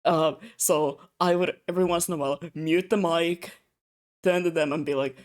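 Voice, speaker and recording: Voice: mid-range voice, moderate pace. A young adult streamer chatting casually while drawing, telling rambling stories with lots of asides and frequent laughter. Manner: animated storyteller, laughs often; rambling, many fillers and asides.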